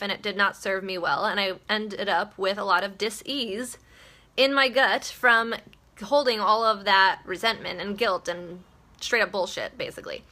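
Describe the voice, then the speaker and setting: A woman's voice: on the high side, sharp tone. A woman hosting her daily live video, giving casual motivational talk in a chatty, blunt way, swearing freely and laughing often.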